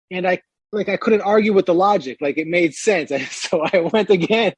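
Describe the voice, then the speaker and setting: Husky-voiced man telling his story. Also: fairly high pitch, a little fast, no room sound, low-quality recording. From Israel. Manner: relaxed, thoughtful, laughs easily. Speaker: performance coach, podcast guest. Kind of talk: casual interview storytelling.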